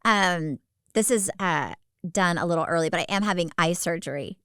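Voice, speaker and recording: A woman co-hosting a casual podcast, her voice low and smooth. She rambles through stories and laughs often, recorded close in a dry room. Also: normal speed, a bit bright, dry recording. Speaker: podcast co-host. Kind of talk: casual chat.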